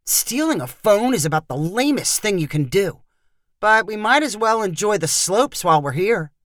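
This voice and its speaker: A woman's voice: medium pitch, very animated, normal speed, no echo, studio quality, lightly acted. A woman voicing a complaining, flippant young man. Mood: sheepish. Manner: whiny, complaining.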